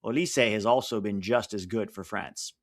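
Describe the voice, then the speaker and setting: A man's voice: on the low side, moderate pace, no echo, clean studio sound. Chatty American man hosting a stream. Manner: chatty, reads out lineups and chat messages. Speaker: live stream host. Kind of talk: casual live watch-along chat.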